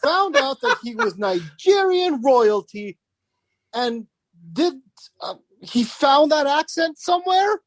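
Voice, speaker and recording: A woman with a high voice that swings widely, ranting with animated exasperation on a casual podcast. The sound is dry and close, with no room echo. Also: slow, creaky. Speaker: podcast guest. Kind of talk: casual wrestling review chat.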